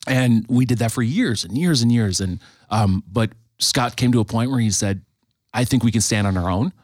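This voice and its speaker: A man hosting a podcast in a studio, chatting casually and haltingly, with frequent restarts. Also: mid-range voice, a little mellow, dry recording. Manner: halting, many restarts and fillers. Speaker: podcast host. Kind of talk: casual chat.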